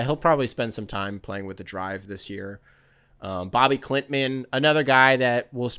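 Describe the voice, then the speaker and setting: Rambling casual podcast host, smooth voice. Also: male voice, on the low side, a bit bright. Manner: rambling, loose and profane, full of fillers. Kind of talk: casual chat.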